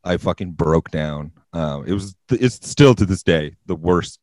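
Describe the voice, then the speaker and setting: Deep-voiced man, profane storyteller. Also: a little slow, dry recording, poor audio. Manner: profane, deadpan-serious storytelling. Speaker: podcast guest. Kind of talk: casual storytelling.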